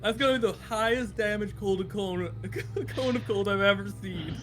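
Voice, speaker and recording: A man playing a tabletop game, talking excitedly and swearing with friends. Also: high-pitched, normal speed. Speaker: player. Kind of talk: casual game chat. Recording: music behind.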